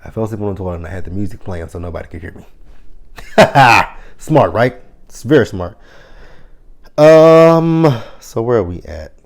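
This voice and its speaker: A man's voice: lowish voice, expressive, moderate pace, long pauses. Laid-back man doing a profane TV recap. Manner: chatty, laughs often, swears freely. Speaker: TV episode reviewer. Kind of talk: casual recap, profane and joking.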